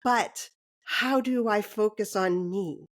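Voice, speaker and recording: A woman's voice: mid-range voice, takes it slowly. Heartfelt, reflective woman host. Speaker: podcast host. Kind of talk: reflective conversational interview.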